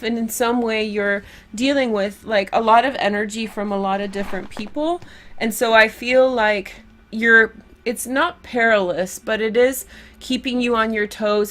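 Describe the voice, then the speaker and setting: A woman's voice: mid-range voice, a bit bright. Chatty woman giving a tarot reading. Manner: chatty, laughs often, trails off and restarts. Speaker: tarot reader.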